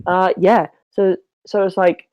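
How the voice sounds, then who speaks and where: A woman's voice: fairly low pitch, level tone, slow, a little mellow, lo-fi sound, a little hiss or hum. A woman playing a tabletop game in casual chat, hesitant, with many ums and cheerful swearing. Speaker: player.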